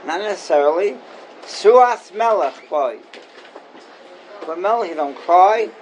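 A man's voice: high voice, lively intonation, slow, slight background noise, low-quality recording. A man teaching an informal Torah class as a rabbi, questioning and emphatic, repeating his key points.

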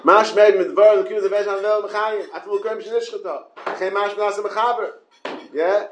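High-voiced man teaching a Talmud class. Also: fairly even intonation, roomy sound, slight background noise. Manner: halting, repeats words and restarts often; asks rhetorical questions and checks with the listeners.

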